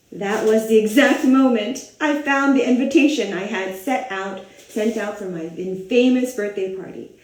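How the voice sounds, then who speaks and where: A woman reading aloud as a grumpy male grape who learns to let go, in a lively storybook way with gasps. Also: on the high side. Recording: roomy echo.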